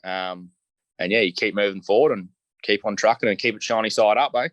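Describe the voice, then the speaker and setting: A man's voice: fairly low pitch, brisk, a bit bright, dry recording, highs cut off. A man with an Australian accent, a podcast guest telling stories in a laid-back, joking way with lots of casual fillers. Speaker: podcast guest, truck driver. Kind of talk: casual storytelling chat.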